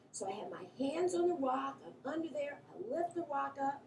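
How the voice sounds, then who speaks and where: A woman telling a funny story from her childhood in a lively, animated way, her voice jumping up at the exciting parts. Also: fairly quick, hardly any pauses. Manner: animated storytelling, pitch jumps at exciting moments. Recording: roomy echo, slightly distant mic, faint background hiss.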